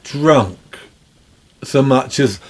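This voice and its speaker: Male guest musician, rambling raconteur, chuckles as he talks, mid-pitched voice. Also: extremely slow, a little mellow. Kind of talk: anecdotal storytelling.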